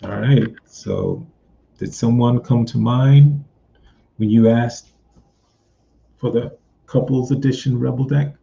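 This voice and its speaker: A man reading cards for viewers in a casual live stream, talking slowly with many pauses. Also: medium pitch, gravelly, dark tone. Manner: slow, drawn-out delivery with frequent pauses. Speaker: psychic medium doing card readings. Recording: dull lo-fi sound with faint noise.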